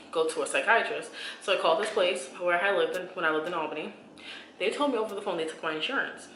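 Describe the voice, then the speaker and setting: A woman's voice: sits low, pushed and bright, roomy sound. A woman in her twenties chatting casually to her viewers as she gets ready, rambling and confiding with many fillers and restarts. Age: 20s. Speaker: beauty vlogger. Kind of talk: casual chat.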